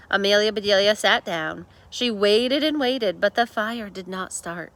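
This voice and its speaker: Woman teacher, picture-book read-aloud, slow and bright. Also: mid-range voice. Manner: expressive, unhurried storytelling.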